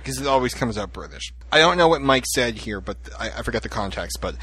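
A man's voice: mid-range voice, expressive, fast, fairly bright tone, slight background noise, poor audio. A man hosting a podcast, teasing his co-hosts and reading out listener messages in casual chat. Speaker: podcast host.

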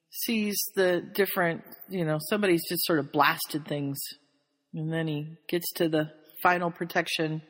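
A woman's voice: mid-range voice, fairly bright tone. A woman host in casual chat, animatedly recapping a story, laughing often and slipping into quoted voices. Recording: long hall reverb.

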